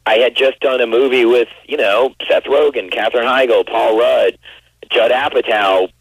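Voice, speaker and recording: Husky man rambling through an interview. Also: mid-range voice, steady tone, moderate pace, no echo, low-quality recording. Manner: rambling, full of restarts and you-knows. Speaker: actor guest. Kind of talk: casual interview chat.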